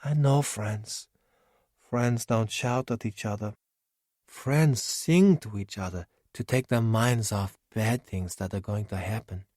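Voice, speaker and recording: A man's voice: lowish voice, slow, darkish tone, dry recording, clean studio sound, voice pushed up. A man voicing a simple, childlike cave creature who talks in a naive, earnest way in a storybook.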